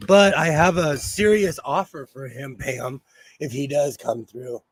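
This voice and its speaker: Sewing on a livestream, this middle-aged man from Pennsylvania speaks slowly and animatedly, calling out viewers by name and laughing readily as he chats. His slightly high, faintly hoarse voice hints he's feeling unwell, and the audio is close and dry, without echo.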